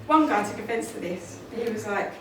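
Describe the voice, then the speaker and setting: A woman's voice: medium pitch, expressive, a little fast. A woman giving an emphatic motivational talk on stage, repeating her points and laughing often. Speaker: motivational speaker. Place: large conference hall, on stage. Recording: echoey hall from far off, noisy.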